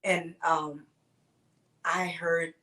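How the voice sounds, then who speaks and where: A woman, a singer-songwriter guest, telling stories in a relaxed interview with frequent restarts. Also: fairly low pitch, drawn-out words, low-quality recording. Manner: storytelling, warm recollection with frequent restarts. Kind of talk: casual interview chat.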